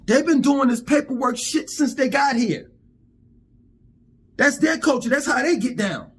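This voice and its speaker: A man's voice: very high voice, expressive, unhurried, husky. A man delivering a heated, profane vlog rant, often stammering over repeated words. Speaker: vlogger. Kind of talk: angry monologue rant.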